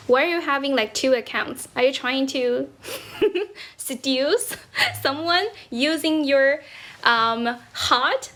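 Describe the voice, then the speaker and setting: Squatting indoors as she streams, a young livestream host from China chats casually, switching between Chinese and English. Her voice is a little high and a bit bright; she laughs a lot and keeps thanking viewers for gifts.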